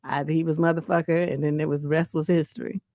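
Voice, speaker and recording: A woman host, telling stories on a casual livestream in a blunt, profane, animated way. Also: sits low, fairly quick, dry recording, clean studio sound. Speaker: relationship coach, live stream host.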